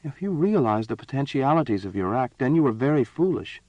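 A man voicing a proud, impatient young empress in an audiobook reading, speaking higher and more commandingly than his own voice. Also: big pitch swings, brisk, darkish tone, dry recording, muffled recording, lightly acted. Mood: imperious. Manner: raised pitch, commanding and cutting.

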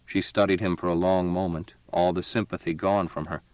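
Steady male audiobook narrator. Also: sits low, brisk, no room sound, highs cut off. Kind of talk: scripted narration.

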